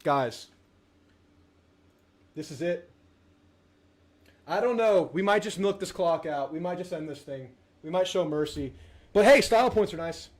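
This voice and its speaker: A man hosting a live watch party, excitedly reading names from the chat. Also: sits high. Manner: rapid-fire reading of chat names, hyped. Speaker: livestream host. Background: loud music playing.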